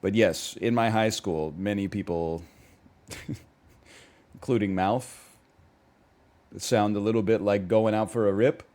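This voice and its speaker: A man's voice: lowish voice, fairly even intonation, takes it slowly, long pauses, darkish tone. A man in his thirties from Canada, a streamer ranting in casual chat with sarcastic, mock-outraged asides.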